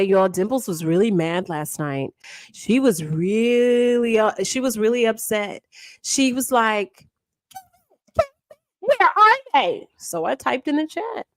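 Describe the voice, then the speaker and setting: A woman, a mother, chatting casually as she recaps online drama in an animated, repetitive, slangy way. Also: high voice, dry recording. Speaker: livestream drama commentator.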